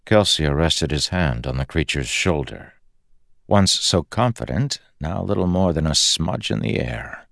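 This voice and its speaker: A male narrator with a very deep, low-set voice reads at an unhurried, measured pace, shaping each sentence with expressive, animated intonation. The recording is close and dry, with no room sound around him. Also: creaky, dry recording. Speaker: audiobook narrator. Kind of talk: scripted narration.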